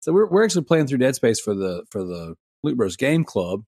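A man's voice: mid-range voice, big pitch swings, a little fast, a little mellow, no room sound, clean studio sound. A man in his thirties hosting a casual gaming podcast, chatty and rambling, laughing often. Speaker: podcast host.

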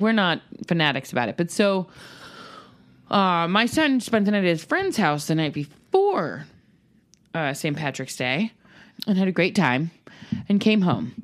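A woman chatting casually as a podcast guest, telling stories animatedly and acting out her kids. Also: fairly low pitch.

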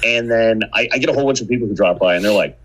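A man hosting a podcast, telling stories in an animated way and laughing as he goes. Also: on the low side, very fast, low-quality recording. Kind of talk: casual podcast chat.

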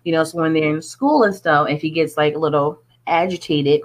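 A woman's voice: low voice, a little fast. A woman who is a music artist, talking in an earnest, chatty way with many fillers in a casual interview.

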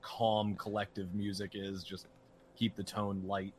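Low-voiced hesitant man at a game table. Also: little pitch movement, husky. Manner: hesitant, halting, many fillers. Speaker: player. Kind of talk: casual tabletop role-play.

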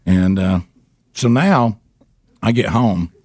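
A man hosting a radio show, telling a story in a casual, animated way with laughter and repeated words. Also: fairly low pitch, slow pace, no room sound, clean studio sound.

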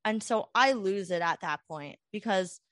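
A woman's voice: medium pitch, unhurried, no room sound, clean studio sound. A young woman telling a long story in a casual, rambling chat full of "like" fillers. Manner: rambling, animated, many "like" fillers.

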